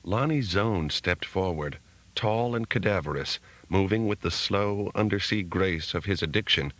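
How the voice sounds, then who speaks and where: A man reads an audiobook in a measured, steady storytelling manner. His voice is very low and deep. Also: no room sound, poor audio. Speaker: audiobook narrator. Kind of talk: scripted narration.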